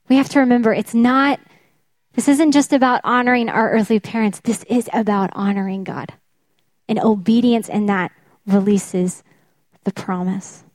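Woman preacher, fairly high voice, emphatic, repeats key phrases, dry close sound. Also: darkish tone, no room sound. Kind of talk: sermon.

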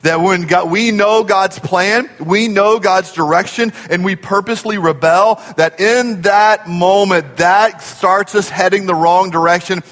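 A man with a high voice preaches a sermon, lively and full of storytelling. His words echo with a long reverb that fills a large church hall. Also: unhurried, hardly any pauses. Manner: animated storytelling, acting out voices.

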